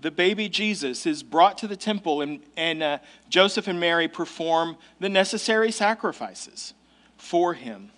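This sermon comes from a male pastor whose voice is high and fairly bright, animated and at a normal speed. He talks conversationally and uses casual asides to emphasize key points.

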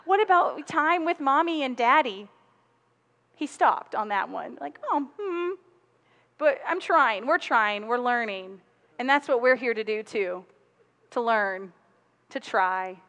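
A woman's voice: a little high, a bit bright. A woman, preaching a sermon in a conversational storytelling way and laughing often. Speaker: pastor.

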